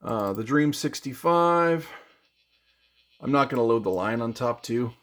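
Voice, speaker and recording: A man's voice: mid-range voice, lively intonation, a little slow. A man vlogging about his audio gear in a casual, exasperated rant, sarcastic and rambling, often restarting his sentences. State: one-handed while handling gear. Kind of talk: casual ranting vlog.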